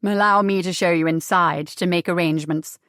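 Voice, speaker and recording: A woman voicing a greedy male asylum doctor with a smooth, oozing way of talking. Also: fairly low pitch, moderate pace, no room sound, clean studio sound, lightly acted. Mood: oily. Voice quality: oozing, oily.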